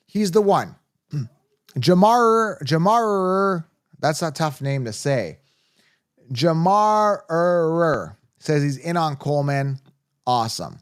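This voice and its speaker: A man hosting a live fantasy football stream, excitably reading viewer comments and repeating himself for emphasis. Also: fairly high pitch, no room sound, studio quality. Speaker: fantasy football show host.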